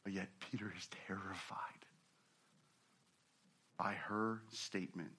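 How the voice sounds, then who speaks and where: A man preaching a sermon, acting out the people in his story and swinging from hushed, slow passages to loud, fast ones. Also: low-pitched, fairly even intonation, slightly rough. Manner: dramatic preaching, acts out quoted voices, swings from hushed to loud. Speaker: pastor.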